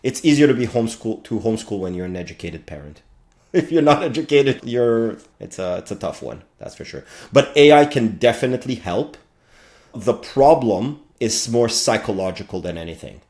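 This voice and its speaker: An energetic man in his late thirties chats casually as a podcast guest. He talks in quick bursts, tosses in little sound effects, and stays lively throughout. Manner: animated, talks fast in bursts with sound effects like bam and boom. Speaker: guest, fractional CTO.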